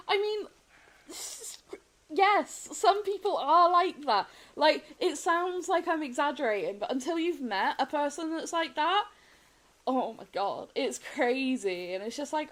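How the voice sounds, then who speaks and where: A woman's voice: sits high, expressive, measured pace, fairly bright tone, poor audio. A young woman streaming a game and chatting casually with viewers, rambling, laughing often and restarting her sentences. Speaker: gaming streamer. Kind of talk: casual chat while live-streaming a game.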